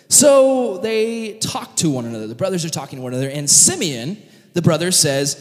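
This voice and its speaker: A man's voice: on the high side, sing-song, brisk. A man retelling a Bible story in a casual, jokey way, full of "like" and asides. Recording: long reverb in a large hall.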